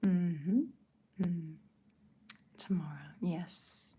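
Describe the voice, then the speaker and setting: A middle-aged woman hosting an ASMR livestream, answering chat in a soft breathy whisper. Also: on the low side, slow, long pauses.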